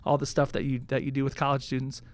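A man, a Catholic priest, speaking as a podcast guest in a measured, earnest way with the odd light joke. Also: mid-range voice, completely flat delivery. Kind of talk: conversational podcast interview.

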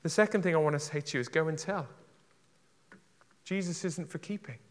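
A man preaching with passion in a church, his fairly high voice trailing off into a long hall reverb. He swings from loud, urgent calls to hushed, tender pleading. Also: fairly quick. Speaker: pastor. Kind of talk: sermon.

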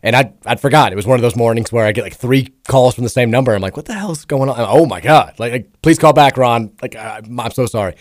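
A male sports radio host with a hoarse, raspy voice that cracks, telling rambling self-deprecating stories in casual chat. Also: medium pitch, fast, few pauses, no room sound, clean studio sound. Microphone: studio mic.

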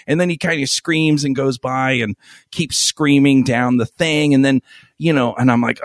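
A man's voice: medium pitch, steady tone, moderate pace, no room sound, studio quality. A man co-hosting a crude podcast, telling a rambling, profane story full of fillers. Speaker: podcast co-host. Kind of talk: crude casual podcast banter.

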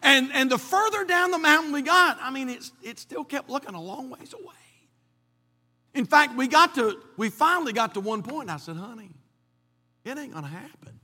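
A bright, high-pitched man preaching in a church. He tells a folksy story, restarting and repeating himself often. His voice rings out with a long hall reverb behind it. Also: expressive, moderate pace. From North Carolina. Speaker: pastor. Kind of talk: sermon with a personal story.

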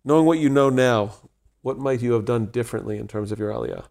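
Guy interviewer w a gravelly voice, easygoing, laughs a lot. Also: mid-range voice, fast, a little mellow. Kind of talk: casual interview chat.

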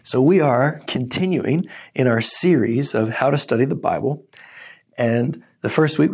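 A man's voice: mid-range voice, slightly rough. A man pastor preaching a teaching sermon, opening in prayer and telling stories with energy. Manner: earnest teaching, animated storytelling.

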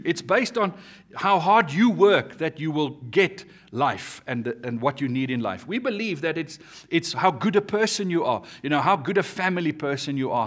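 A man preaching an earnest sermon, rising and dropping in pitch and volume as he makes his points. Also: fairly bright tone. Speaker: pastor.

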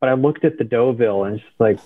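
A man's voice: medium pitch, fast. A man from Minnesota, chatting casually and offhandedly as a guest. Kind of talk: casual chat. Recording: tinny phone line.

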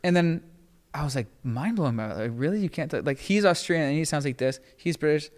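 A man hosting a casual podcast chat, animated and given to mimicking other people's voices. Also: on the high side, fast talker, long reverb tail. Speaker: podcast host.

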